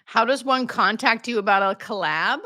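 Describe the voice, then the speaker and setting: Bright, chatty woman hosting a livestream. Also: a little high, normal speed. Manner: chatty, greets viewers by name, self-deprecating asides. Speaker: hospice nurse and livestream host. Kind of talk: casual live Q&A chat.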